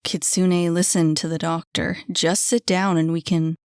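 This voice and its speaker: Woman doing a firm steady man. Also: fairly low pitch, a little slow, clear, resonant tone, dry recording, studio quality. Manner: firm, urging.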